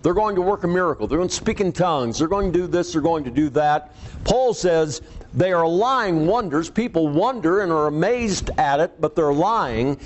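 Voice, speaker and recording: A man preaching a sermon, reading scripture aloud and stressing points with pauses and sudden rises in pitch. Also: expressive, a little hiss or hum.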